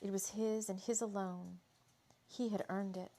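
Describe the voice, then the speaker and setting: A woman's voice: mid-range voice, fairly even intonation, a little slow, warm tone. A woman storyteller reading a spooky romance story aloud, leisurely and dramatic, with chatty asides.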